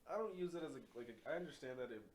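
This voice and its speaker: A man's voice: mid-range voice, animated, very fast, a little hiss or hum. Brief: male podcast host, mid-range voice, rambling profane storyteller who laughs a lot. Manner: laughs often. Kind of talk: casual podcast chat.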